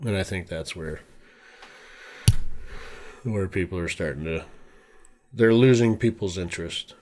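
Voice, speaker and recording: Male podcast co-host, low voice, easygoing and teasing, short replies. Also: measured pace, a little mellow. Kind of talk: casual chat.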